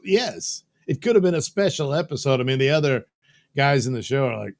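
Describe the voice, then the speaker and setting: A man's voice: medium pitch, a little fast, gravelly, darkish tone, dry recording. A man hosting a live show in a casual, joking way, reading viewer comments aloud and tossing in silly voices. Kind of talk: casual live-stream chat. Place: studio.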